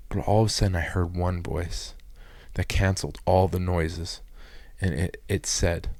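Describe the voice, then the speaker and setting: A man sharing an emotional personal testimony, telling his story in a halting, rambling way with many fillers and restarts. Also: sits low, flat delivery, a little mellow, no echo. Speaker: guest giving a personal testimony.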